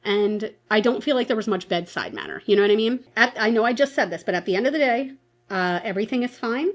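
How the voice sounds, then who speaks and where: A woman in her twenties talks at a quick pace in a voice that's a little high. A beauty vlogger, she tells a story and chats casually while doing her makeup, using "like" a lot and laughing often.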